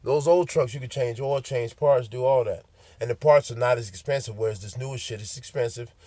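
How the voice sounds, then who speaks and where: A man's voice: medium pitch, fairly quick, mellow, no room sound. Profane, blunt trucker man ranting. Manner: repeats points, addresses viewers directly. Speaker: truck driver. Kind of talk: casual vlog rant to viewers.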